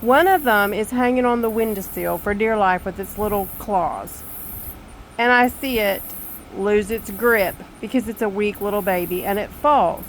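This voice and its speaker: An older woman telling a story to camera on her screened back porch, animated, exasperated and poking fun at herself. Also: medium pitch, normal speed, slight background noise, low-quality recording. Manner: animated, exasperated, self-mocking. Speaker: vlogger.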